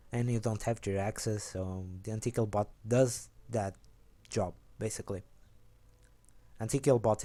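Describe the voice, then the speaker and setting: Young male host, low-key and rambling, slightly low mellow voice. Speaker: host of a card game deck video. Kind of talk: casual rambling explanation.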